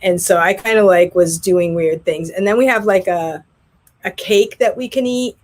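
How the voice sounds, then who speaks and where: A woman's voice: medium pitch, normal speed, darkish tone. A woman who teaches English online, chatting casually and telling rambling stories about her classes. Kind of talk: casual vlog chat.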